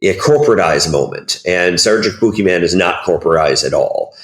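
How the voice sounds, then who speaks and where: Rambling low-voiced man in a roomy space. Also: fairly quick. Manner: rambling, animated storytelling full of fillers. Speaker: guest. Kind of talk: casual interview chat.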